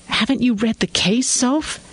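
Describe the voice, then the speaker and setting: A man voicing a calm, seasoned crime reporter husband who talks a bit showily, in a podcast story. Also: on the high side, normal speed. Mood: explaining. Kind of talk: storytelling dialogue.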